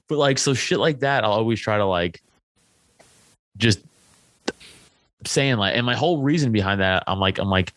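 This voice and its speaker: A young man from Staten Island, a comedian guest, telling stories in a casual interview, animated and profane with many filler likes. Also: lowish voice, moderate pace, dry recording. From Staten Island, New York.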